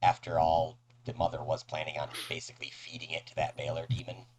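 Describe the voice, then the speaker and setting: A man's voice: rumbling low, little pitch movement, a little fast, slight background noise, low-quality recording. A man narrating as game master of a tabletop game, casual and hesitant with many fillers.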